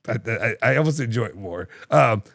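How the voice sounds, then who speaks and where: A man's voice: medium pitch, lively intonation, fairly quick, gravelly, fairly bright tone, no echo, studio quality. A man hosting a casual live show, rambling with fillers and restarts, reading ads and chatting. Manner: rambling, lots of fillers and restarts, laughs easily. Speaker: show host.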